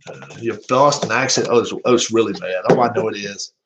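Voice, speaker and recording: A man with a Southern American accent casually calls the plays of a tabletop baseball replay, rambling and often chuckling at himself. His voice sits on the low side and moves fairly quickly, and the recording is very noisy.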